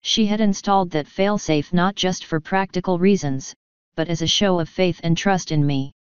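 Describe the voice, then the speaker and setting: A woman narrating a fanfiction story in a steady, unhurried way. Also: on the low side, clean tone, no room sound. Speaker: fanfiction reader. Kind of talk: audiobook narration. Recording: dull lo-fi dry recording.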